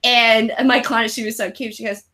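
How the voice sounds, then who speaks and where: A woman's voice: on the high side, moderate pace. A woman, hosting a casual chat and telling stories with frequent laughter. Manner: animated storyteller, laughs often. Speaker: host.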